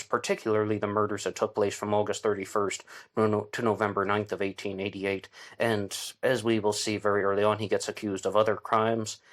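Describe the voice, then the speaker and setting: A man hosting a casual true-crime talk, thinking aloud with fillers and restarts as he goes. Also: fairly low pitch. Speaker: podcast host.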